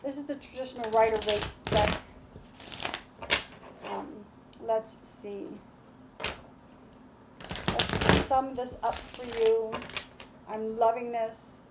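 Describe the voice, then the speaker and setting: A woman's voice: fairly high pitch, steady tone, slow pace, long pauses, heavy background noise. Enthusiastic woman reading tarot cards. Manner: enthusiastic, repetitive, affirming. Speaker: astrology and tarot reader. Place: home with lawnmowers outside.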